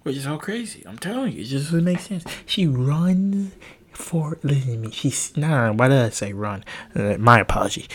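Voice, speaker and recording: A man's voice: medium pitch, normal speed, husky. Rambling, crude young man on a podcast. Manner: crude, animated, rambling and self-deprecating. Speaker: podcast host. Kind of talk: solo podcast rant. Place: home with a loud family nearby.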